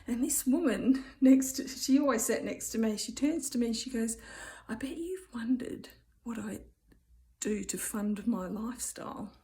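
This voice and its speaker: A woman's voice: fairly high pitch, darkish tone. A woman in her fifties with an Australian accent tells a story in a casual, chatty vlog, rambling with many "um"s and "anyway"s. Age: 50s. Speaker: vlogger.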